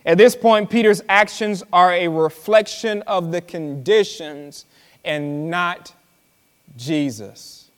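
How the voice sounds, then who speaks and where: A man's voice: high-pitched, fairly bright tone, smooth. A man preaching a sermon as pastor, drawing words out for emphasis, repeating lines and talking directly to the congregation in a church. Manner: preaching with dramatic slow emphasis and repetition; conversational, tells the congregation to listen. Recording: live sermon with hall reverb.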